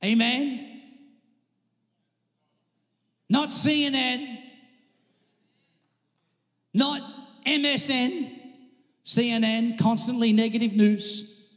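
A man's voice: very high-pitched, steady tone, drawn-out words, long pauses, a bit bright. A man from Australia, preaching a sermon emphatically to a congregation and calling out for amens. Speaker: pastor. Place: church sanctuary. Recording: long reverb of a large hall.

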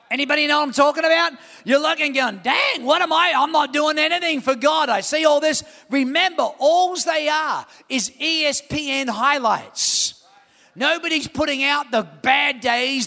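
A pastor with a very high, bright, gravelly voice preaches with animated storytelling, throwing questions out to his congregation. The sound rings with long reverb across a large church hall. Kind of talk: sermon. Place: church auditorium.

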